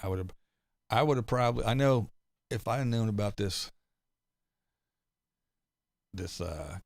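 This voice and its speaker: A middle-aged American man with a lowish voice hosts a casual livestream, reading chat and rambling as he often laughs and swears. There's no echo on the recording.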